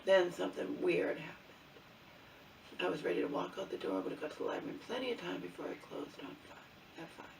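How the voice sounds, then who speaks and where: A middle-aged woman vlogger with a lowish, sing-song voice and vocal fry talks fairly quickly through an angry personal story. She swears a lot and keeps asking "okay?" and "you know?". The mic sits far off in an echoey room, with slight background noise.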